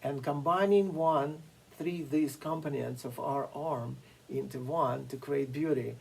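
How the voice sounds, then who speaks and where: A piano teacher giving a masterclass lecture, explaining slowly and deliberately with frequent fillers and pauses. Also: medium pitch, gravelly, a little mellow, husky, low-quality recording. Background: occasional piano playing.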